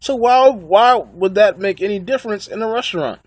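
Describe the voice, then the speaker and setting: A man's voice: high voice, expressive, moderate pace, no echo. A young man telling a story in a rambling, indignant way, with frequent restarts, as a casual vlog rant. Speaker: vlogger.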